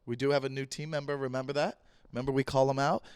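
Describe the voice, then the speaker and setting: A man hosting his own podcast in a loose, jokey monologue, repeating himself, his voice a bit rough this week. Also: mid-range voice, flat delivery, quick pace, no room sound, clean studio sound. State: voice a bit rough, clearing throat. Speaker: podcast host. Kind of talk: casual solo podcast monologue.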